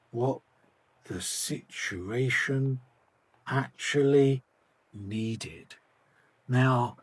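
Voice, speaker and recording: Male sales coach, slow, husky, lively pitch, measured delivery with soft trailing endings. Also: dry recording. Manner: measured, trailing off softly at phrase ends. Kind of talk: reflective storytelling talk.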